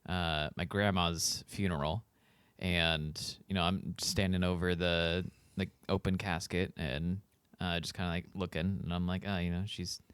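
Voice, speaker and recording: Deep, smooth-voiced podcast guy. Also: level tone, measured pace, fairly bright tone, no room sound. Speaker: podcast co-host. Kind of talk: casual chat.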